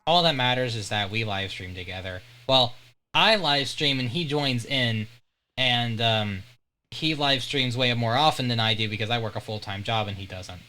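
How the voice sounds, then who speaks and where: An American woman chatting casually while streaming a game, animated and quick to swear. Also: very deep voice.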